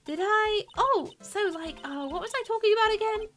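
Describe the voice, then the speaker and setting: A woman's voice: very high voice, animated, moderate pace, a bit bright, faint music behind, voice pushed up. A woman voicing a carefree, airheaded young woman from a video game, saying "like" constantly with rising upspeak. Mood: ditzy. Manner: breathless, drawls "like" constantly, upspeak. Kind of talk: reading game dialogue aloud on a live stream.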